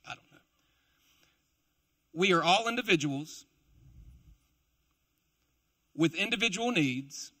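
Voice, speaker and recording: A man's voice: a little high, bright, forceful tone. A young man preaching a casual, joking sermon to a live congregation, with playful asides. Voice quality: chatty, playful, self-deprecating asides. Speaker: preacher, also a school teacher.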